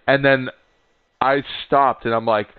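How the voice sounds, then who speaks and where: A man's voice: medium pitch, level tone, unhurried, clear, resonant tone. A man telling stories in casual livestream chat, swearing freely and laughing often. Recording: tinny phone-like line.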